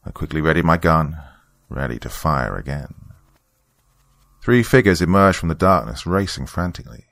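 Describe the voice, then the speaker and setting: A man narrating a first-person horror story in a steady, grave way. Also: a bass voice, moderate pace, gravelly, no echo.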